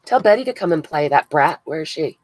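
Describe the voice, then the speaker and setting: A woman with a low voice and lively intonation talks briskly while hosting a casual craft live stream. Gluing buttons at an indoor crafting table, she calls viewers by name and thinks out loud, on a dry, rough recording.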